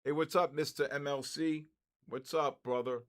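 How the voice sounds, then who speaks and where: An older man hosting a live trading stream, giving excitable market commentary, greeting viewers and stumbling over his words. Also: fairly high pitch, moderate pace.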